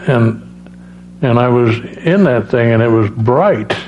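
A man giving a personal testimony as a preacher, halting, with many restarts and fillers. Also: mid-range voice, darkish tone. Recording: dull lo-fi sound with faint hum.

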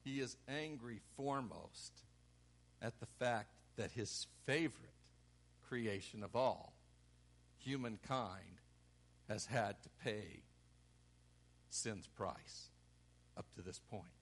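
A man preaching a sermon, acting out the quoted lines with sudden loud, emphatic bursts. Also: fairly low pitch, slow pace, pauses often. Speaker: pastor.

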